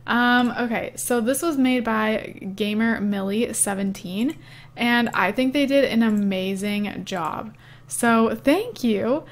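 A woman's voice: on the high side, takes it slowly. Giggly, chatty young woman gamer. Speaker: gaming YouTuber. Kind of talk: casual let's-play commentary.

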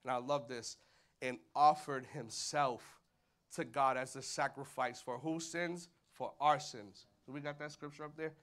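A man's voice: medium pitch, measured pace. A man in his thirties preaching in a church, talking casually with slang and acting out the voices of people in his stories. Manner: animated, acts out voices, colloquial slang. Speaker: pastor. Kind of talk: sermon. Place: church hall.

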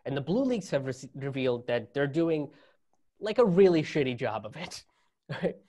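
A man's voice: mid-range voice, very animated, moderate pace, mellow. A man doing a stand-up comedy set, sarcastic and laughing at his own jokes.

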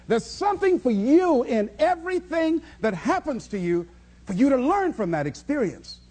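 A man's voice: sits high, a little mellow, breathy edge. A man giving a motivational speech in a preachy, rhythmic way, repeating key phrases. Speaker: motivational speaker.

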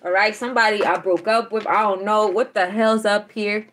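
A woman, chatting casually on a tarot livestream, teasing and animated, laughing often as she reads out chat. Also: mid-range voice, normal speed, slight background noise.

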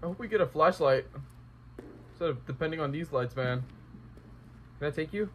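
A man's voice: fairly high pitch, expressive, normal speed, a bit bright, slight background noise, low-quality recording. A young man commentating a horror game let's play, talking to himself and exclaiming at scares. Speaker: gaming YouTuber.

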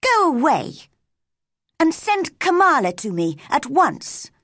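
A woman's voice: sits high, sing-song, takes it slowly, no echo, clean studio sound, pitched above the performer's own voice, heavily acted. A woman voicing a spoiled, bad-tempered little girl who talks in a cross, demanding way.

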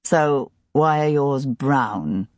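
A woman narrator voicing a cool, sharp-eyed aristocratic gentleman investigator, speaking in a measured, pointed way. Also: very deep voice, expressive, no echo, lo-fi sound, full character voice.

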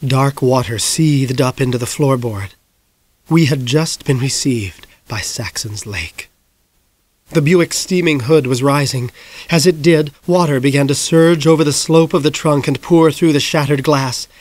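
A man narrates a novel as an audiobook with measured, grave storytelling, letting his voice drop soft at the darkest moments. His pitch is medium and there's no room sound.

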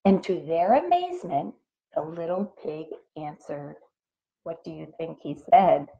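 Woman teacher reading to kids: slow, animated, patient explainer. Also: deep voice, creaky, highs cut off. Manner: expressive, pauses to explain to young listeners. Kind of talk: reading a picture book aloud to children.

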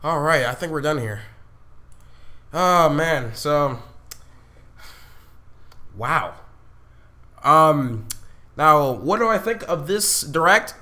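A hoarse young man reacting live on his channel, excitable, shouting and swearing as he comments. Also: on the high side, slow pace, pauses often. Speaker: video host reacting live.

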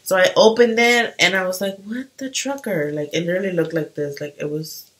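A woman's voice: lowish voice, a little fast, poor audio. A young woman chatting casually while doing her makeup, talking animatedly. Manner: chatty and animated, full of fillers. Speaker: beauty vlogger.

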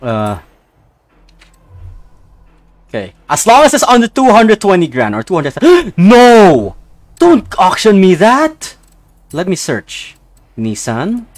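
A young man streams a racing game in loose, casual commentary. His voice sits high and is very lively, sliding from quiet muttering to sudden excited outbursts. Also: normal speed. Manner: excitable, swings from mumbling to outbursts.

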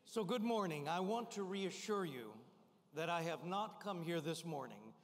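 An older male guest speaker gives a motivational keynote in a large event hall, his high, energetic voice ringing out with long reverb. Speaking at normal speed, he rouses the crowd with call-and-response shouts and gets them on their feet.

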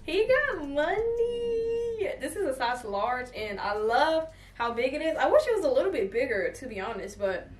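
A young woman chatting casually to her viewers in a try-on haul, animated and talkative. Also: fairly high pitch, fairly quick, distant mic. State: has hiccups. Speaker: fashion vlogger. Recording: echoey room, voice away from the mic, faint music.

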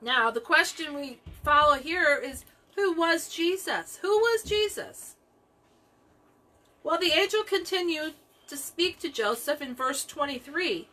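A woman's voice: high-pitched, lively intonation, unhurried, sharp tone. A woman leading a Bible study, teaching with emphatic repetition of key phrases.

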